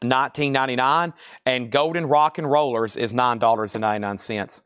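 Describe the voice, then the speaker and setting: A man hosting a live-stream record sale, calling out titles, bids and prices in a steady stream. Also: medium pitch, clear, resonant tone, dry recording, clean studio sound. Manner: rapid-fire listing of items and prices. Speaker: live auction seller.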